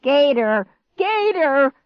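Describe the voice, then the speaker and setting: A woman voicing a nervous, whiny young boy in an audiobook, rising high and squealing when scared. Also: animated, unhurried, dry recording, natural voice. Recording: dry, slightly muffled audiobook recording.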